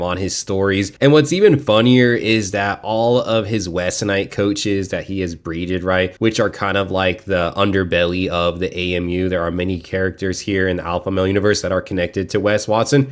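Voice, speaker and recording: A man with a lowish voice hosts a commentary, sarcastic and mocking as he reacts to clips. His talk is loose and conversational, tinged with scorn. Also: smooth. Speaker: commentary host.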